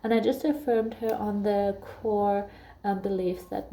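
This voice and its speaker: A young adult woman talking earnestly and gently in a reflective personal vlog, encouraging other parents. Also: mid-range voice, fairly even intonation, unhurried. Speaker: parenting vlogger.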